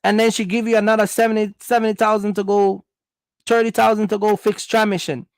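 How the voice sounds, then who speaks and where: A man's voice: high-pitched, level tone, brisk, dry recording. A man from Jamaica, giving a blunt, scolding opinion monologue. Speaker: vlogger.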